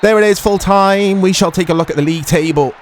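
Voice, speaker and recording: A man commentating casually over a football video game, chatty and quick to shout at big moments. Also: high voice, some chatter behind, slight background noise. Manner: excitable, shouts at big chances, chatty asides. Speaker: gaming commentator. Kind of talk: casual let's-play commentary.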